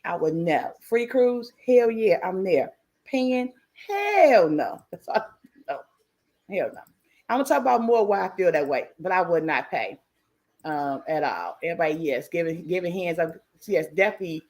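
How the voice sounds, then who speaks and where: A woman's voice: lowish voice, lively intonation, moderate pace, darkish tone. A woman hosting a casual live stream about cruising, talking frankly, greeting chatters by name and laughing often. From United States.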